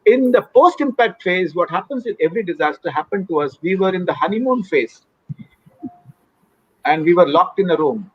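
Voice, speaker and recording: Husky high-voiced Indian man explaining. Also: lively intonation, moderate pace, no room sound, muffled recording. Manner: earnest, lecturing, mixes Hindi phrases into English. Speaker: mental health expert guest. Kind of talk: explanatory expert talk in a live Q&A.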